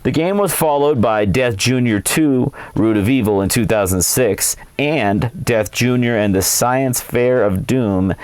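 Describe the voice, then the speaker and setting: A man presenting and reviewing a video game in a relaxed, conversational way. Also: mid-range voice, a little slow, hardly any pauses, smooth, dry recording. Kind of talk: casual game commentary.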